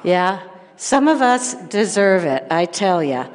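Lowish-voiced woman leading a children's sermon. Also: sing-song, slow, long reverb tail, slight background noise. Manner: asks children questions, playful storytelling.

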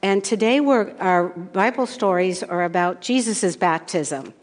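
A woman pastor giving a children's sermon, gently asking the kids questions. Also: fairly low pitch, a little slow. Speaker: pastor leading a children's message. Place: church sanctuary. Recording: long church reverb.

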